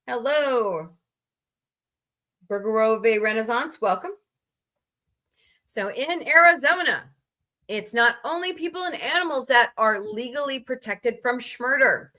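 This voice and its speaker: A woman's voice: on the high side, sharp tone. A woman hosting a comedy livestream, reading odd laws aloud with sarcastic asides and greeting viewers in chat by name. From United States.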